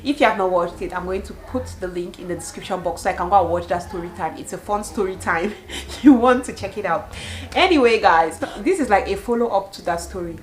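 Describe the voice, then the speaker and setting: A young woman from Cameroon in her twenties, telling a storytime vlog with animated storytelling and bursts of laughter. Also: mid-range voice, brisk, low-quality recording. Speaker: vlogger.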